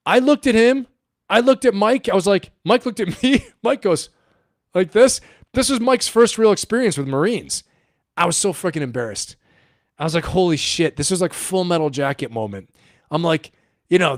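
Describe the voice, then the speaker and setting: A man's voice: high voice, dry recording, studio quality. Rambling, profane middle-aged man. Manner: profane, rambling, laughs often. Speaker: livestream host and coach. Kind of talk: casual livestream storytelling.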